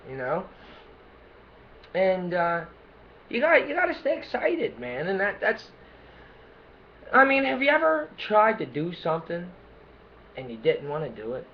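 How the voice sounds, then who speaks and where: Excitable, halting man with lo-fi sound. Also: a little high, a little hiss or hum. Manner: hesitant, many fillers and restarts, bursts of excitement. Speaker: self-help vlogger. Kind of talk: unscripted motivational talk to camera.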